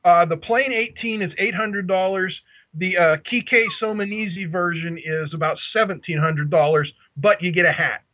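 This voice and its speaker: A man's voice: high voice, moderate pace, no echo, highs cut off. A man with a Pittsburgh accent, a guest on a casual podcast, walking through radio transmitter settings step by step. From Pittsburgh area, USA. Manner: explains radio programming steps in detail.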